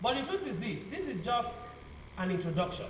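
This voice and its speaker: Speaking with an extremely high pitch, this man is very animated and fairly quick as he runs a law revision lecture. He keeps repeating "what?" so the class fills in the rest of his sentences. Background noise is heavy, with an echoey room, a distant mic and faint ambience.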